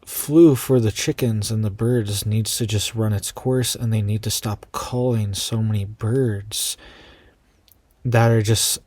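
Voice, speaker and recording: A man's voice: on the low side, fairly even intonation, slow pace, darkish tone. A man hosting an online news commentary channel, reading out quoted reports and adding casual asides to his viewers.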